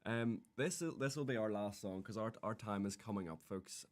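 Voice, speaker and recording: A man's voice: fairly low pitch, moderate pace, hardly any pauses. A young man co-hosting a student radio show, bantering playfully with mock-grand jokes. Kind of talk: casual radio chat.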